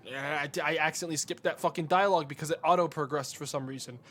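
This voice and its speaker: A man's voice: on the high side, quick pace, fairly bright tone, a little hiss or hum. A male streamer giving profane, joking, rambling commentary while playing a game. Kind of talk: gameplay commentary.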